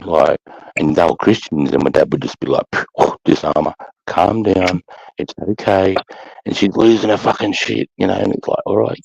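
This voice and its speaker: A man's voice: very deep voice, gravelly, darkish tone, dry recording. A man with an Australian accent in casual chat, telling rambling, profane stories packed with "mate" and "brother". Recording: slightly muffled, dull recording.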